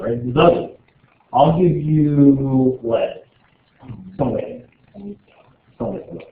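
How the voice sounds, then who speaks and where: A man's voice: mid-range voice, slight background noise. Rambling, joking male chemistry teacher. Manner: rambling, joking, full of "like" fillers. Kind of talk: casual classroom lecture. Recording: echoey room over a tinny, phone-like line.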